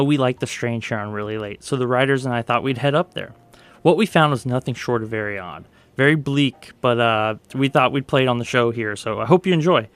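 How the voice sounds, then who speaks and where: A man hosting a late-night comedy radio show in a studio, with jokey, ironic banter. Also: medium pitch.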